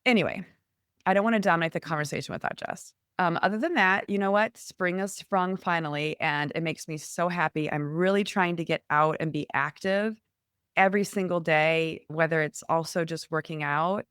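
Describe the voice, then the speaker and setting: A woman's voice: fairly low pitch, moderate pace, fairly bright tone, smooth, no echo, studio quality. A middle-aged woman co-hosting a podcast, chatting in an upbeat way. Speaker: podcast co-host. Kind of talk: casual chat.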